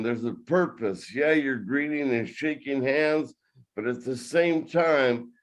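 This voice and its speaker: A man hosting a podcast, asking his guest questions in a deliberate, admiring way. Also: mid-range voice. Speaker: podcast host. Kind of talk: interview.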